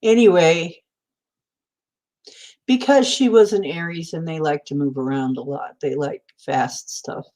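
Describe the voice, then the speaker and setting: A woman host chatting in a slow, unhurried way, drifting from thought to thought with plenty of fillers. Her voice sits on the low side for a woman. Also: a little mellow. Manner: meandering, chatty, many fillers. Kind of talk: rambling casual chat.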